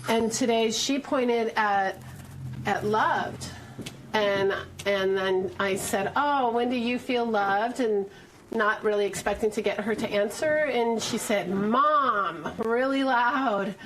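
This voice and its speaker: A woman's voice: fairly high pitch, slow pace, a little hiss or hum, poor audio. A woman preschool teacher telling classroom stories in an interview, in a heartfelt storytelling manner. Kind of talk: interview recounting classroom moments.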